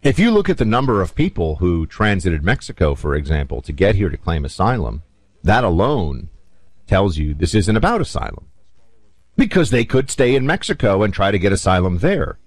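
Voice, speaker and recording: A man's voice: sits low, moderate pace, no echo. A man hosting a talk show, giving an opinionated political monologue and acting out little scenes in raised voices. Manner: animated, acts out scenarios in raised voices. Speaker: talk radio host.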